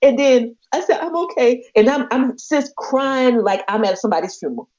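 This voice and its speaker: Podcast co-host, woman; lively storyteller who acts out every quote; dull lo-fi sound. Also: a little high, moderate pace. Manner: expressive, acts out quoted voices, laughs often. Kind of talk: animated storytelling chat. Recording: muffled lo-fi podcast audio.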